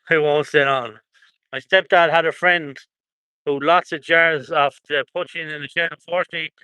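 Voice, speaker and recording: A man's voice: on the high side, bright, forceful tone, clear, resonant tone, dry recording. An Irish man chatting casually on a livestream from an outdoor protest, reading out viewer comments, rambling and chuckling often.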